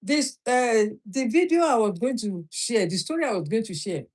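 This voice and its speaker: A middle-aged woman with a Nigerian accent speaks into her phone as she hosts a live motivational stream. Her voice is very lively, rising and falling widely, and she repeats her lines and fires questions at the listener. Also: fairly high pitch, normal speed. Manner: preachy, repeats phrases, asks the listener questions.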